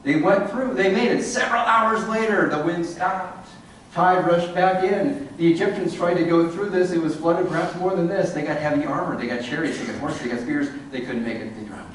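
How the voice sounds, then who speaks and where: A man's voice: on the high side, fairly quick, a little hiss or hum. Sarcastic man lecturing in an echoey hall. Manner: sarcastic, animated. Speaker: speaker giving a talk to an audience. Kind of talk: humorous lecture. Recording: echoey hall, distant mic.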